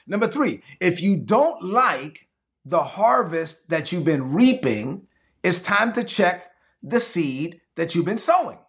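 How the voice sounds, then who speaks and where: A man preaching a sermon as pastor, animated and acting out the people he quotes. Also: high voice, slow pace.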